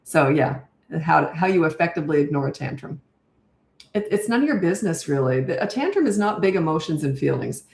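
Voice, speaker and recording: An older woman who works as a parenting coach answers viewer comments in a live Q&A, reading them aloud and responding in a chatty, direct way. Her deep voice is sing-song, fairly quick and a little mellow with vocal fry, in an echoey room.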